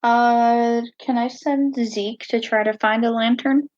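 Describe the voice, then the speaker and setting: A woman playing a tabletop game, easygoing and relaxed in casual talk. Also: a little high, takes it slowly, dry recording, dull audio. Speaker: player.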